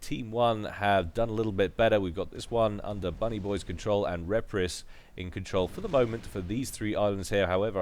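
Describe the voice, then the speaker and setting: A man's voice: low voice, slight background noise. Chatty man commentating a game. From United Kingdom. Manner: chatty, joking asides. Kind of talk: casual play-by-play commentary.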